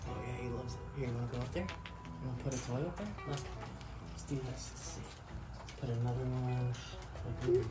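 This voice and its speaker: A man's voice: medium pitch, fairly even intonation, brisk, long pauses, over loud music, low-quality recording. Man, casual vlog chat, playful, talks to his pet birds. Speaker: bird owner and channel host.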